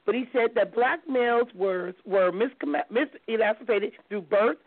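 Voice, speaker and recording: Gravelly lady radio host, earnest and reflective, kinda high, phone-line sound. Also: unhurried, dry recording. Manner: earnest, reflective, reads messages aloud. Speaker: radio talk show host. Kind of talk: call-in radio talk. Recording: dry, phone-like lo-fi audio.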